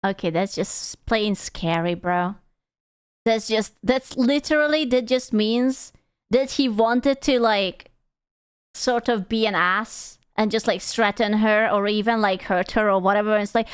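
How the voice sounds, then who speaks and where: A woman streamer giving casual, excitable reaction commentary, giggly and blunt with her swearing. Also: medium pitch, a little slow, clear, resonant tone, no echo, clean studio sound. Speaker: VTuber streamer reacting to a video.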